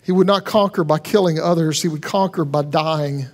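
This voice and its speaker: Male pastor, high-pitched, earnest conversational sermon delivery with rhetorical questions. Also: moderate pace.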